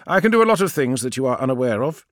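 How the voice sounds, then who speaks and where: A man's voice: mid-range voice, very animated, rapid-fire, no echo, natural voice. A man voicing a cool, arrogant male pilot in an audiobook, speaking in a dry, curt, condescending way. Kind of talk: audiobook character voice.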